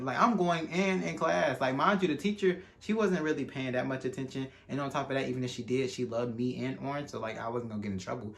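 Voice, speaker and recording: A young man telling a casual, animated storytime, acting out quotes and using slang. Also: mid-range voice, fairly quick, gravelly.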